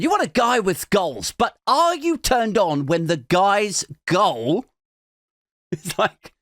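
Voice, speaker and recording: A man's voice: sing-song, takes it slowly, fairly bright tone, no echo, studio quality. Sarcastic man riffing crudely. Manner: crude, sarcastic, swings pitch for mock voices. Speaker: podcast host. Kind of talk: comedic commentary monologue.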